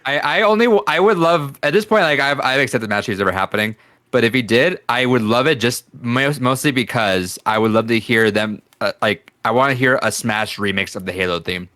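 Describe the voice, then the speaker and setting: A man co-hosting a casual reaction chat, animated, often restarting and swearing freely. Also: mid-range voice, brisk. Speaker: co-host.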